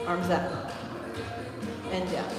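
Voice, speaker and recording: In a large, echoey dance studio with long reverb, a woman teaches an online belly dance class, counting beats and cueing moves as she demonstrates. Her fairly low voice is steady and unhurried, competing with loud music.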